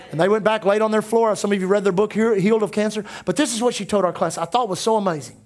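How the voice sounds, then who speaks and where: A man's voice: sits high, fast, hardly any pauses. A man in his sixties preaching a sermon as pastor, emphatic and full of repeated declarations.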